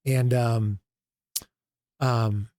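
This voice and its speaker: Middle-aged male coach, lively storyteller, mid pitch, dry booth-like recording. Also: very slow, no echo. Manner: animated storyteller, acts out quoted dialogue. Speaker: basketball coach, guest. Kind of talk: storytelling interview talk.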